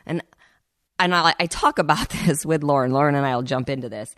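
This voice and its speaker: A woman's voice: low-pitched, brisk, a bit bright, no echo, studio quality. A woman hosting a podcast, telling a personal story in a chatty way and talking straight to her listeners. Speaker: podcast host. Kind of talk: casual podcast talk.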